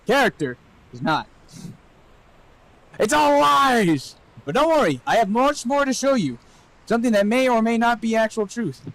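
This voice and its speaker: A man's voice: very high voice, very animated, brisk, rough recording. A man streaming as a VTuber, chatting casually and joking around with his viewers. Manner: playful, joking, swears freely. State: out of breath. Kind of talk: casual live stream chat.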